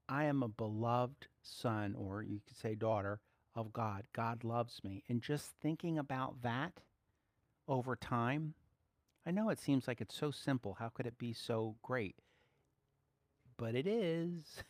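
A man preaching a sermon, swinging between soft, quiet asides and loud, excited exclaiming. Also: mid-range voice, no room sound, clean studio sound.

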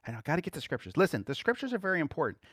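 A man preaching an informal sermon to a class, conversational and quick to laugh, swinging from emphatic outbursts to quiet asides. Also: on the high side, very animated, husky, no room sound, studio quality.

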